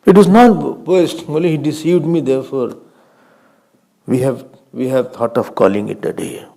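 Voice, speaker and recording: An older man with an Indian accent giving a slow spiritual discourse as a swami, telling stories, asking questions and laughing often. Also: mid-range voice, dark tone.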